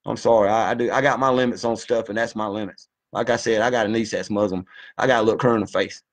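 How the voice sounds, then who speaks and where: A man's voice: fairly low pitch, steady tone, quick pace. A man giving a fired-up, preachy monologue, folksy and full of swearing. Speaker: video commentator. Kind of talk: impassioned monologue.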